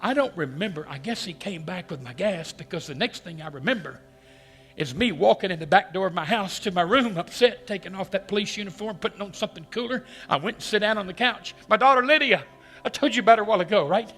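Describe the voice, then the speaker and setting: A man with a drawl tells a personal story with dramatic swings, hushing down low and then rising almost to a shout. His voice is bright and forceful and sits a little high. Faint music plays underneath. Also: animated, a little fast, breathy edge. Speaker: speaker telling a personal story. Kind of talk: storytelling talk.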